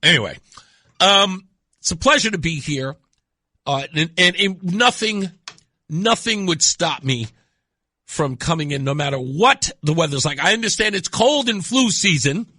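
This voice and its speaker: Hoarse American radio host with a cold. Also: male voice, measured pace, no room sound. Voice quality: deep rough voice. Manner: animated, teasing, opinionated. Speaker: radio talk show host. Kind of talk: talk radio monologue. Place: radio studio. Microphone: studio microphone.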